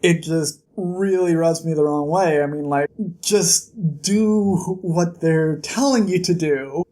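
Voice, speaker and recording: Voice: mid-range voice, takes it slowly. Chatty book vlogger recapping chapters. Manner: animated, chatty retelling of scenes; opinionated, irritated asides. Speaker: book vlog host.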